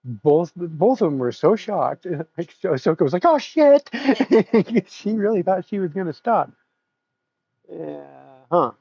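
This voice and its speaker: A man's voice: a little high, animated, normal speed, vocal fry, a little mellow, breathy edge, dry recording. A man hosting his stream, chatting casually in a rambling, profane way and laughing often. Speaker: streamer host. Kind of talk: casual chat after a sim race stream.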